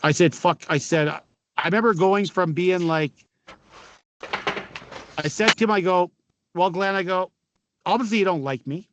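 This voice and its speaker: A middle-aged man from Canada, a former hockey player, telling stories in an interview, with a raspy voice, laughing often and swearing freely. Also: high voice, a little slow, pauses often, background noise. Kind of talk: casual storytelling interview.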